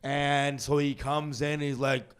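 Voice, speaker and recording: A young man co-hosting a comedy podcast, telling a family story in an animated way, acting out the people he quotes and laughing often. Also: mid-range voice, slow, clean tone. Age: young adult. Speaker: podcast co-host.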